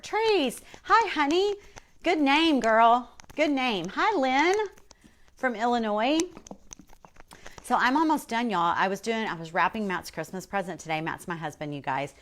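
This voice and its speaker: A woman's voice: fairly high pitch, expressive, normal speed. A woman hosting a casual livestream from her workshop, chatting and reading viewer comments aloud as she paints. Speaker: host.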